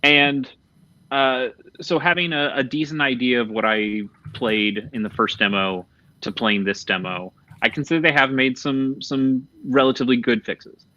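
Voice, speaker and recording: A man's voice: medium pitch, fairly even intonation, a little slow, pushed and bright. A man hosting a casual gaming podcast, speaking candidly, swearing freely and trailing off mid-thought. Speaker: podcast host. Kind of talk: casual chat about video games. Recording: dull, slightly lo-fi podcast audio.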